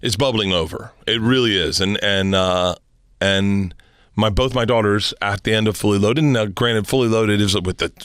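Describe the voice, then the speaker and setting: Man, middle-aged, from Florida, guest comedian, animated, profane storytelling, low voice, dry. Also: moderate pace, clean tone, dry recording. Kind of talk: casual storytelling.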